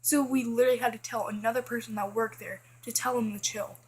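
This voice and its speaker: Chatty teenage girl with a husky voice. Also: fairly high pitch, fairly even intonation, quick pace, darkish tone. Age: teens. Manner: chatty, filler-heavy, exasperated complaining. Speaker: vlogger. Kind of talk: casual list vlog.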